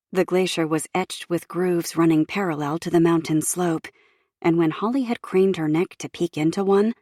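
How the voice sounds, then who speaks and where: A woman narrating an audiobook in a measured, even storytelling manner from a recording booth. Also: low voice, no room sound, clean studio sound.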